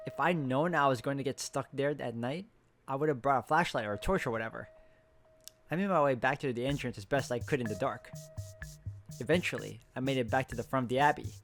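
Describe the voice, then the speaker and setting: A man's voice: medium pitch, brisk, soft background music. Man reading a story aloud. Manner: plain first-person narration, casual swearing. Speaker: visual novel reader.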